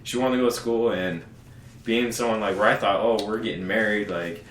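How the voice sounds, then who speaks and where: Young man telling an animated story in a roomy room. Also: on the low side, fairly quick. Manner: animated, swears, acts out what others said. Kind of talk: casual storytelling chat. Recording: roomy echo with faint background hum.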